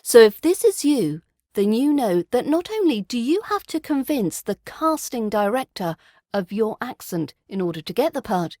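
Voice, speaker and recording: A woman with a Southern English RP accent, an accent coach giving a clear, deliberate webinar presentation with enthusiastic salesmanship. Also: on the high side, darkish tone, no room sound, clean studio sound.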